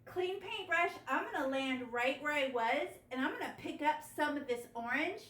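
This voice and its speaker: Woman art teacher on a video call, high voice, roomy echo, chatty and excited for little kids. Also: moderate pace. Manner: animated, gasping with delight, coaxing young kids. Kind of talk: step-by-step painting lesson for children.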